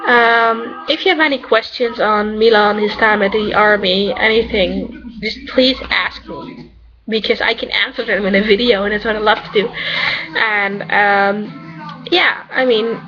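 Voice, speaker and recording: A woman's voice: medium pitch, a little slow, highs cut off. Chatty Dutch woman vlogging over music. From Netherlands. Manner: chatty and rambling, many "you know" fillers. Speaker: vlogger answering questions about her character. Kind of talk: casual chat.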